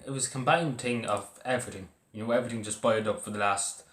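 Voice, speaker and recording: A young Irish man talking casually about his own school days, halting and full of fillers and restarts. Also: mid-range voice, background noise. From Ireland. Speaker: vlogger. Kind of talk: casual personal talk to camera. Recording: echoey room.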